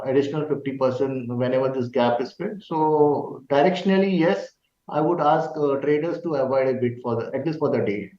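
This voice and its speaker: A man's voice: fairly high pitch, darkish tone. Indian english analyst guy, sounds far off in an echoey room, muffled line. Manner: plain advisory, occasional restarts. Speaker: market analyst guest. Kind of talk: remote guest commentary. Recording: distant, roomy, dull remote line.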